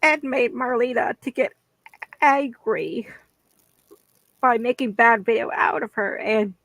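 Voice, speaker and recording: A woman with a somewhat high voice talks very slowly, breaking off and restarting her sentences. Her apology comes across as hesitant and halting. The recording is dry, with no room sound. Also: vocal fry, fairly bright tone, dry recording, poor audio. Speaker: vlogger. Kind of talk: apology video.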